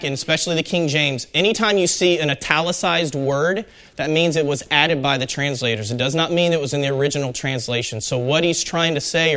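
A man's voice: on the high side, a bit bright. Man teaching a casual Bible study. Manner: conversational, asks the group questions, frequent fillers.

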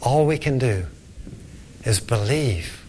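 A man who is a pastor, telling a story in a sermon and dropping to a hushed voice for the quoted lines. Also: mid-range voice, expressive, slow, slight background noise.

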